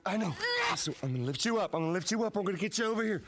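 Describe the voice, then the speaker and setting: A man's voice: sits high, lively intonation, rapid-fire. An actor playing a desperate father who pleads and sobs over his dying daughter in a video game scene. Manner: pleading, sobbing. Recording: game audio with music under it.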